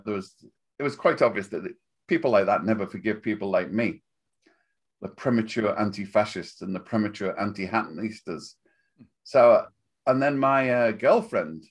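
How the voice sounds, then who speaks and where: An older man with a Liverpool accent talks in a relaxed, rambling interview, making wry asides and laughing at his own jokes. His voice sits low and a little husky. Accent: Liverpool (Scouse). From Liverpool, England. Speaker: interview guest, journalist.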